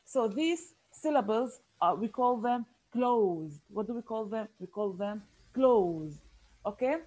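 A woman, her voice sitting a touch high, leads a phonics class over a video call. She explains slowly and patiently, repeating each key word and pausing on small fillers. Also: darkish tone, dull audio. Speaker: teacher. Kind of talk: online phonics lesson.

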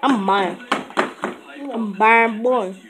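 A female performer voicing a bratty, whiny little boy who cries out in loud, broken grammar. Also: mid-range voice, extremely slow, music in the background, rough recording.

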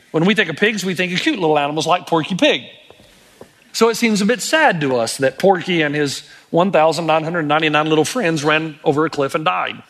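A man, a pastor, preaching a sermon with animated storytelling and acted-out quotes. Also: high voice.

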